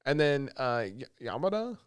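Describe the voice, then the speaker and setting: A man co-hosting a podcast, excitedly retelling scenes in casual chat and swearing often. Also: medium pitch, normal speed, clean tone, dry recording. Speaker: podcast co-host.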